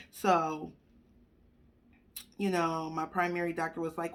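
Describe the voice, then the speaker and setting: A woman speaking candidly to her viewers in a casual personal story, animated and swinging between soft and loud. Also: on the low side, normal speed. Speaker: vlogger sharing her cancer journey.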